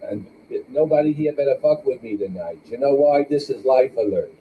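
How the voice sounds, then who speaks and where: Older man hosting stand-up, slow and animated. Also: medium pitch, recorded from a distance, phone-quality sound, a little hiss or hum. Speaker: open mic host. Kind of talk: stand-up comedy. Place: small club with a live audience. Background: audience laughter.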